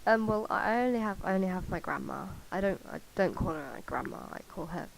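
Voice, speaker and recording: A woman chats through a video challenge in a loose, self-mocking way, with the odd casual swear. Her pitch sits in a middle range for a woman. A faint hiss runs under her cheap karaoke-mic recording. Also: animated, quick pace, creaky, poor audio. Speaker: vlogger. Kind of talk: casual chat.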